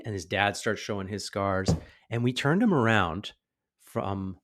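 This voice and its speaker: A man's voice: on the low side, moderate pace, background noise. A man in his thirties hosting a podcast, telling a story in casual conversation and acting out the people in it. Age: 30s. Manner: animated storyteller acting out quoted voices. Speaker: podcast host.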